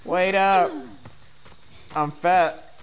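A man hosting a casual gameplay session, swearing, laughing and shouting in panic. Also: high voice, steady tone, drawn-out words, clear, resonant tone, poor audio. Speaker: gaming channel host.

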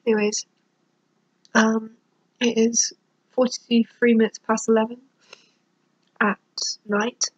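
A woman vlogging in a soft, gentle half-whisper, speaking in a flat monotone with a stuffy nose from hay fever. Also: a little high, takes it slowly, long pauses, husky, dry recording, low-quality recording. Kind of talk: soft-spoken late-night vlog. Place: brother's bedroom, indoors.

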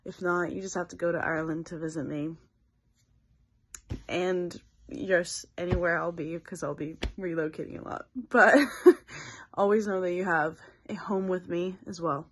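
A young woman recording a heartfelt video message on her phone, halting and earnest with many pauses. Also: lowish voice, steady tone, husky. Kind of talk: self-filmed video message. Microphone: phone held by speaker.

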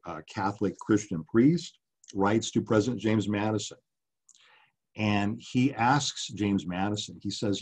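Middle-aged male author at a lectern, low and husky, earnest and impassioned, filler-heavy delivery. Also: a little mellow. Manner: earnest, impassioned, many ums and uhs. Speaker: author giving a public talk. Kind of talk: public lecture with slides.

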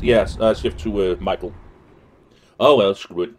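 A man's voice: lowish voice, normal speed, a little mellow, a little hiss or hum. A man giving casual gameplay commentary, mumbling to himself and hesitating. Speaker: let's play gamer.

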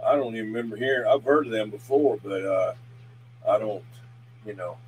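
A man chatting casually and calling out loudly over a CB radio. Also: on the low side, fairly quick. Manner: folksy, calls out loudly over the air. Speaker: CB radio operator. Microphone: CB radio handset. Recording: CB radio with loud static.

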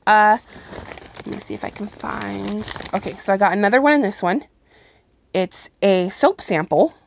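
A woman with a mid-range, creaky voice and lively intonation speaks at a moderate pace while casually unboxing products at home on her phone. A product-reviewing vlogger, she gushes, apologizes and often stretches her words. She holds the phone in hand, then sets it down.

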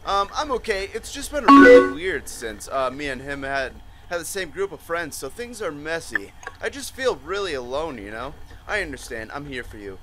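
A man's voice: fairly high pitch, normal speed, few pauses, music in the background. A man playing a chat-based video game and commenting as he reads the messages aloud, often swearing and laughing. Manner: animated, swearing, laughing, reading lines in mock voices. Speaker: gaming YouTuber. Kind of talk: let's play commentary, reading chat aloud.

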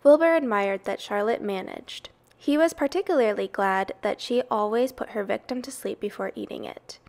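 A woman reading a children's storybook aloud in a measured, expressive way. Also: mid-range voice. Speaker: reader.

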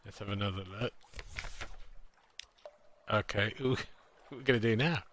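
A man's voice: lowish voice, moderate pace, fairly bright tone, a little hiss or hum. A man hosting a gameplay video, reading game text aloud with self-deprecating, muttered asides. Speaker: let's play host.

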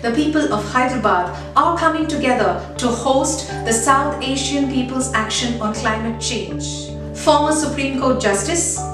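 A woman narrating a fable and an appeal in an earnest, measured storytelling way. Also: fairly high pitch. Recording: very echoey, distant, with faint music.

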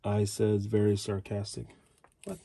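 A man's voice: on the low side, level tone, unhurried, vocal fry, noisy background. A man flipping through an old magazine, reading ad headlines aloud in fragments and adding offhand casual remarks.

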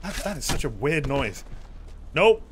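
A man's voice: a little high, sing-song, measured pace, background noise. A man streaming a horror game, commenting casually with sarcastic, exasperated swearing.

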